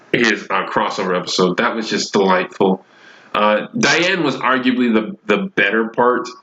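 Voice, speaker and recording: A man's voice: mid-range voice, sharp tone, poor audio. A man giving a casual, enthusiastic review of a show, rambling with frequent restarts.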